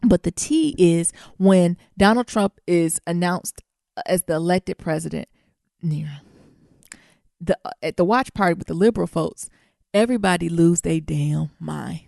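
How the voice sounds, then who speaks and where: A woman's voice: on the low side, moderate pace, gravelly, no room sound, clean studio sound. A woman co-hosting a podcast in casual chat, telling stories animatedly and with plenty of cursing. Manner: animated, profane storytelling with acted-out quotes. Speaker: podcast co-host.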